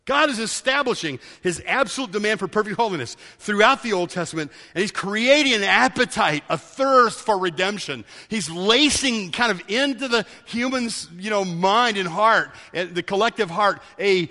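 A man's voice: high-pitched, expressive, normal speed, few pauses, pushed and bright, long reverb tail. A male pastor preaching a sermon, emphatic and repeating key words for stress.

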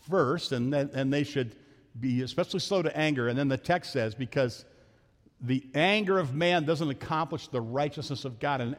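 Quick-talking preacher guy, kinda high voice, long echo from the church hall. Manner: fast-talking, joking storyteller. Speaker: pastor. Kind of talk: sermon. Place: church sanctuary.

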